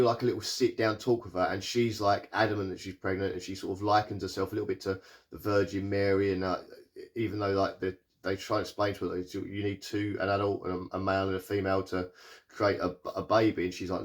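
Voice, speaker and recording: A man's voice: on the low side, level tone. A man recapping and reviewing a TV episode in a casual, rambling way, full of fillers and restarts. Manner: rambling, lots of fillers and restarts, paraphrases characters in quick asides. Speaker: TV show reviewer.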